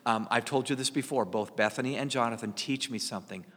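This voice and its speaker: Reflective man in his sixties, bright tone. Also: medium pitch, fast talker, long reverb tail. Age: 60s. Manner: earnest, reflective, self-deprecating. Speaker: podcast co-host, parent. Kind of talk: casual conversational podcast chat.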